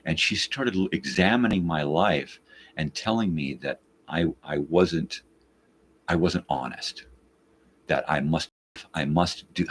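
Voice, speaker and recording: An extremely low, husky voice belongs to a live morning show host telling a casual, exasperated story laced with swearing. He acts out each side of the conversation in an animated way.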